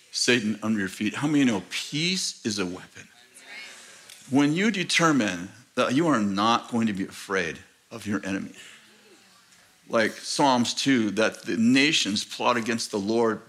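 A man's voice: on the low side, measured pace, a bit bright. An American man preaching a sermon as pastor, telling a story with laughter and acting out the voices of the people in it. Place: large church auditorium.

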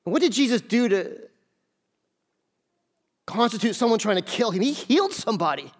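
A pastor preaches a sermon in a church, speaking conversationally and frequently asking the congregation questions. His voice is very high-pitched and very animated, at a normal speed.

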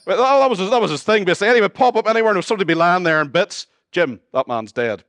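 A man with a Northern Irish accent preaching a sermon as pastor, moving between lively humorous asides and hushed, earnest appeals to his listeners. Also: sits high, racing, dry recording. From Northern Ireland.

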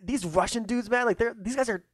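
A man's voice: extremely high pitch, fairly quick, crowd noise. A man co-hosting a casual podcast, telling a story with lots of fillers, restarts and "like"s. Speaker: podcast co-host. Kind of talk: casual chat.

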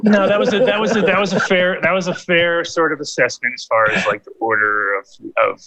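A man's voice: on the high side, fairly quick, over a noisy crowd, low-quality recording. A man hosting a podcast in casual chat, rambling and swearing with lots of fillers and restarts. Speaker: podcast host.

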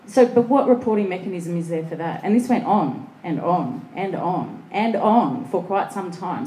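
Mellow woman on a panel. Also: lowish voice, echoey room, low-quality recording. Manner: animated anecdotes, acts out voices. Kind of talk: panel discussion, storytelling.

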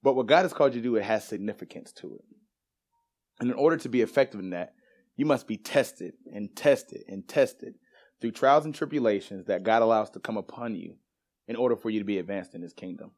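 A man delivers a sermon in a church, his voice sitting a little low. He tells a personal story in a loose, animated way, laughing and dropping casual slang, then moves into scripture. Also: a little fast. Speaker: preacher. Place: church sanctuary.

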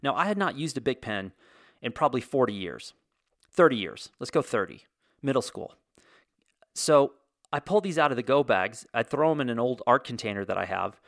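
A man's voice: medium pitch, expressive, moderate pace, creaky, no echo, studio quality. A man in his forties hosting a casual solo monologue, telling stories in a wry, sarcastic way with comic exaggeration.

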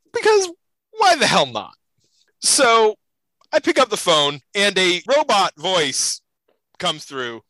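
A man hosting a podcast in casual chat, telling stories with animated energy on a close mic. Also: high voice, measured pace, dry recording, poor audio. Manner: animated, lively storytelling. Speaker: podcast host.

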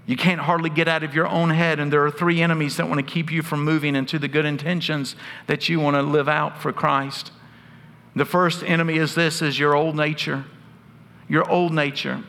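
A pastor delivers his sermon earnestly and drops in wry humor. His bright, somewhat high voice carries a forceful edge. A long hall reverb trails every phrase. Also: flat delivery, fairly quick. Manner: earnest storytelling preacher with asides of humor.

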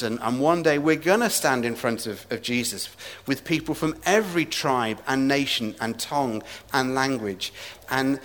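A man from England preaching a sermon with humor and animated asides, recorded in a large church hall. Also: mid-range voice. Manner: humorous, animated storytelling with quips. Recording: echoey hall reverb.

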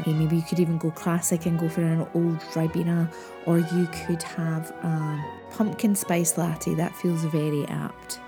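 A woman's voice: low voice, little pitch movement, a little slow, over music. Chatty woman hosting a podcast. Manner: chatty and friendly. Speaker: podcast host. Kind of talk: casual podcast introduction.

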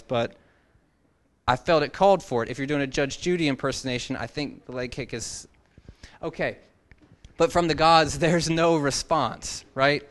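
A man leads a relaxed, expository sermon in a mid-range voice. He works through a scripture passage as a Bible teacher, keeping his tone conversational and breaking in now and then with playful asides. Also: mid-range voice.

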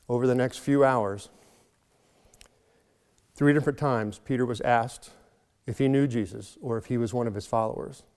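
A male pastor delivers a heartfelt sermon at an even, middle pitch. He slows down and builds volume to drive his points home, and a long hall reverb trails after each phrase. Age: adult, has a son. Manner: earnest, slows and swells for emphasis.

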